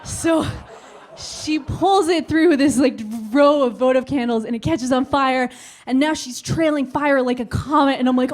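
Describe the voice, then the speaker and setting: A woman in her twenties performing a stand-up routine on a club stage, telling a story with animated delivery and acted-out voices. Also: high voice, a little slow. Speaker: stand-up comedian.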